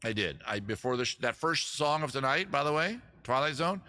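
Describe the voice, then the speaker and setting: A man hosting a casual livestream, rambling and self-mocking with deadpan asides. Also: mid-range voice, fairly quick. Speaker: livestream host. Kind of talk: casual livestream chat between songs.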